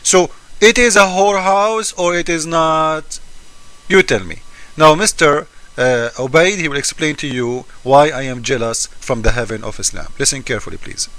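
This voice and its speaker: A man's voice: a little high, normal speed, bright, forceful tone, dry recording. A man doing a mocking commentary, sarcastic and incredulous, often repeating words in disbelief.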